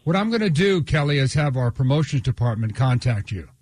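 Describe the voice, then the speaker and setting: A man's voice: mid-range voice, very animated, brisk. A man hosting a morning radio show from a studio, teasing callers with sarcastic jokes. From United States.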